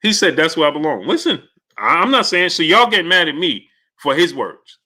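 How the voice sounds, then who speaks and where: A man hosting a casual live stream, talking in an animated way and greeting viewers by name. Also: sits high, normal speed.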